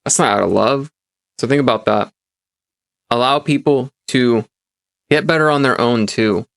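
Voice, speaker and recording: A man's voice: medium pitch, normal speed, gravelly, a bit bright, no echo. A young man telling a personal story and giving advice, earnest and rambling, with many restarts and fillers. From immigrant childhood, grew up in America. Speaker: self-help podcast host.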